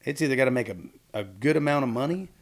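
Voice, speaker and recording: A man in his forties co-hosting a casual podcast, telling stories in an animated way and acting out what people said. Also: medium pitch, fast. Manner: animated storyteller who acts out quotes. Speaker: podcast co-host.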